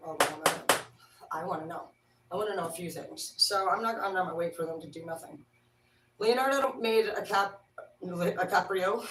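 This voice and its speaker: A woman's voice: lowish voice, moderate pace, a bit bright, distant mic, slight background noise. A woman hosting a livestream talks in a loose, rambling way, swearing freely as she lectures. She sits back from the mic, and her voice bounces around a roomy space. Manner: profane, rambling, preachy. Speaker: livestream host. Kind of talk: casual rambling monologue.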